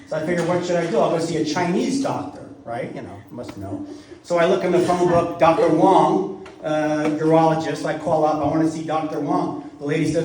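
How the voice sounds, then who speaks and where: A man's voice: on the high side, brisk, a little mellow. A middle-aged man telling rambling jokes at a party, chuckling through his stories. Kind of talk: stand-up joke telling at a party. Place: studio party room. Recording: roomy sound from a distant mic.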